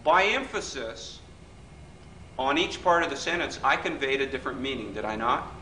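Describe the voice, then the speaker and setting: A man teaches a workshop in a bright, forceful voice, chatting with his audience and asking them to agree. He is picked up from across an echoey hotel function room, with a faint hiss underneath. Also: mid-range voice, expressive, normal speed, recorded from a distance. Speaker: workshop leader. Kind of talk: live workshop lecture.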